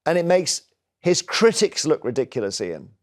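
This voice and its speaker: Male radio host, slightly high voice, brisk and challenging, jokey. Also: sing-song. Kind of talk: casual talk radio.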